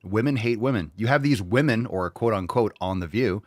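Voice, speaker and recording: A man's voice: on the low side, no room sound, studio quality. A man hosting a reaction show, commenting crudely and sarcastically on clips. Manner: crude, sarcastic, quick asides. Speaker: host.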